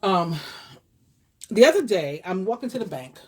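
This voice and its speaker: A woman in her fifties with a New York accent, a tarot reader talking straight to her viewers. Her pitch sits in the middle and she rambles in a chatty way, with lots of fillers and restarts. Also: big pitch swings, moderate pace, a little mellow, breathy edge. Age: 50s. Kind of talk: casual storytelling to viewers.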